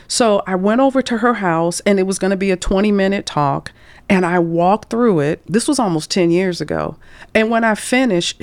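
A woman in her fifties from St. Louis, a career coach telling stories as a guest in an interview, expressive and acting out quoted voices with chuckles. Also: fairly low pitch, dry recording. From St. Louis, USA. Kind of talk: storytelling interview talk.

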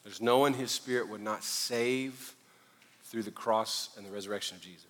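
Middle-aged Southern pastor, lively joking sermon delivery, bright voice echoing through a church. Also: male voice, lowish voice, normal speed. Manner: animated, joking preacher, swings loud and quiet. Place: church sanctuary. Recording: long hall reverb.

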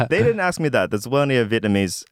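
A man in his thirties telling stories as a podcast guest, relaxed and laughing often. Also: mid-range voice, dry recording, clean studio sound. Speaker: podcast guest, stand-up comedian. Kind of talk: casual storytelling chat.

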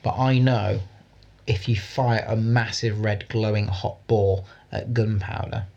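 A man's voice: on the low side, steady tone, a little slow, vocal fry, mellow, dull audio. A man co-hosting a casual history podcast, chiming in with sarcastic jokes. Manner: sarcastic, jokey interjections. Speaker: podcast co-host.

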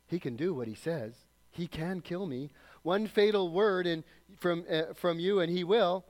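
A man voicing a small red lizard that begs and wheedles in a high, loud voice while reading a story aloud in a sermon. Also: measured pace. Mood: frantic. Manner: high, loud, frantic begging. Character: pleading, wheedling little male red lizard.

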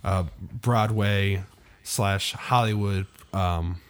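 A man's voice: sits low, fairly even intonation, drawn-out words. A man co-hosting a podcast in casual, joking chat, easygoing and self-deprecating with hesitant fillers. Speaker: podcast co-host.

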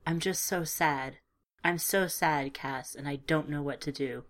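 A woman voicing an upset, blunt young woman in an audiobook, low-pitched. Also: a little slow. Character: sad, frank young woman friend.

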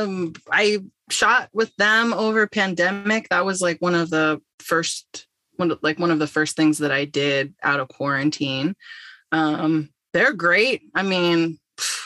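A woman's voice: on the low side, a little slow, bright, forceful tone, no room sound. A young woman, an actress and comedian, chatting casually as a podcast guest, laughing often and filling gaps with ums.

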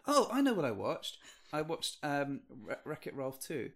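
Animated British man joking around. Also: on the high side, normal speed. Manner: joking, animated, with playful outbursts. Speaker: podcast co-host. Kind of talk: casual chat.

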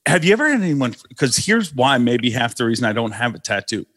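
A man's voice: medium pitch, sing-song, a little fast, fairly bright tone. A man hosting a podcast, chatting casually with his guest in a laid-back, joking way. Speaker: podcast host.

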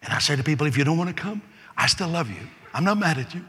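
A man's voice: on the high side, animated, quick pace, sharp tone, husky. A man preaching a sermon as pastor, earnest and repetitive, building to a fervent prayer. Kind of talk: sermon with altar call. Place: large church hall. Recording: long echo of a large hall.

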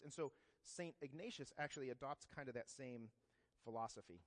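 A man's voice: mid-range voice, brisk. A man telling a saint's life story in a casual, joking talk, often checking in with "right?" asides. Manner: conversational, frequent "right?" asides and joking comparisons. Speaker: speaker teaching about a saint. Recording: long reverb of a hall.

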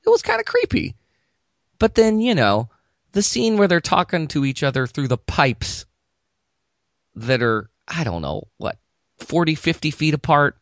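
Animated man in sarcastic casual chat. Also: a little high, unhurried, pauses often, no echo. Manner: animated, sarcastic, laughs often. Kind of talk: casual chat about movies.

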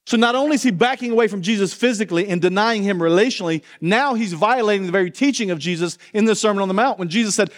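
A pastor delivers an earnest sermon in a high, bright-edged voice, pressing his listeners with direct questions. His words ring out with a long reverb, as from a church sanctuary. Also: quick pace, few pauses.

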